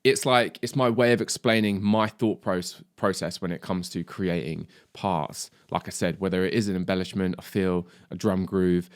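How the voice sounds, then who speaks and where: Male drum tutor, lowish voice, dry close sound, chatty and sweary, keeps checking in with the viewer. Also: steady tone, moderate pace, few pauses, dry recording. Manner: chatty, swears, says "mate" and "do you know what I mean". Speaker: drum teacher. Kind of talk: casual video lesson.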